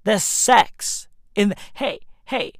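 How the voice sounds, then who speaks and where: A woman's voice: mid-range voice, lively intonation, slow, no room sound. A woman delivering a profane, incredulous comedic rant, piling on exclamations and repeated interjections. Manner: repetitive, stacks interjections.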